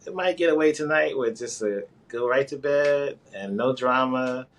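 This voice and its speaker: A man from New York talking in a casual, rambling conversation, with halting restarts and quick laughs. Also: mid-range voice. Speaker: guest.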